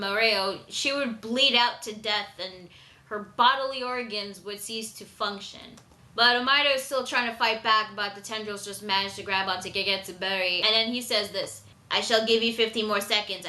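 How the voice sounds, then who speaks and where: A woman's voice: medium pitch, moderate pace, sharp tone. A woman giving a casual, chatty manga chapter review with sudden exclamatory outbursts. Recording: echoey room.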